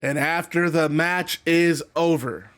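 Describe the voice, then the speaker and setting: A man giving excited, casual play-by-play commentary on a wrestling video game he is playing, shouting at the big moments. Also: on the high side, takes it slowly. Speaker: gamer commentating his own matches.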